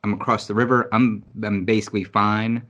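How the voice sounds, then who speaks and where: A man's voice: lowish voice, fairly even intonation, fairly quick, fairly bright tone, lo-fi sound. A man from New York City in casual podcast chat, talking bluntly and emphatically with lots of swearing and restarts. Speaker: podcast co-host.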